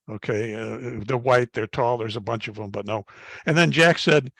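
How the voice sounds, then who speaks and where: A man's voice: mid-range voice, normal speed, gravelly, a bit bright, no echo. Folksy older man giving a slide talk. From Chicago, United States. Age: 70s. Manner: folksy storytelling with frequent fillers and restarts. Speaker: guest speaker at an astronomy club. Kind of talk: slide talk with personal anecdotes.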